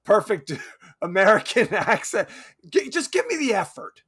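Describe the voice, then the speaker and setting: A man's voice: high-pitched, measured pace. A man co-hosting a podcast, chatting casually and jokily about a movie. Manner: animated, jokey, slips into quoted voices. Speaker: podcast co-host.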